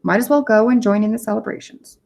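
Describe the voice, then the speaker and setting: A woman voicing a calm, dryly humorous elderly male wizard headmaster, read from a storybook. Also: a little high, quick pace, gravelly. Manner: calm, dry, gently humorous. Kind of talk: storybook reading aloud.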